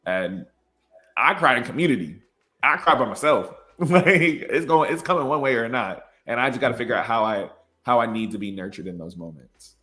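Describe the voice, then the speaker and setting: A man's voice: mid-range voice, expressive, moderate pace, sharp tone. A man in his twenties, an educator and podcast guest, talking in an earnest, reflective way and laughing easily. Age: 20s. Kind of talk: casual conversation.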